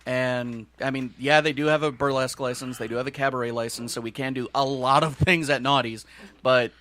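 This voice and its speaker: A man's voice: medium pitch, fairly even intonation, fairly quick, a bit bright, slight background noise. A man hosting a podcast, chatting casually and telling blunt, crude jokes. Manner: blunt, joking.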